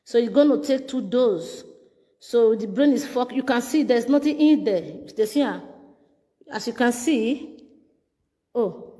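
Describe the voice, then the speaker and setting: Slow-talking Nigerian woman, echoey room. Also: fairly high pitch, dark tone. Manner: mock-soothing, repeats herself. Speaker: vlogger. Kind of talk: comic skit monologue.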